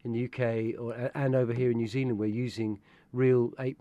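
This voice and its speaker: A man's voice: mid-range voice, level tone, fairly quick, no room sound, dull audio. A man in a tribute band, chatting casually in an interview, rambling with fillers and laughter.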